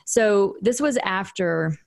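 A woman hosts a casual interview conversation, speaking at a mid-range pitch. She thinks aloud, circling back with restarts and filler words as she works toward her point. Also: lively intonation, slow pace, gravelly. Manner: reflective, frequent restarts and fillers. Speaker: podcast host.

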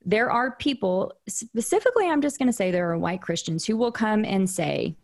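A woman's voice: mid-range voice, sing-song, normal speed, gravelly. A woman hosting an interview podcast, talking things through in a casual, reflective way with frequent restarts and fillers. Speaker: podcast host.

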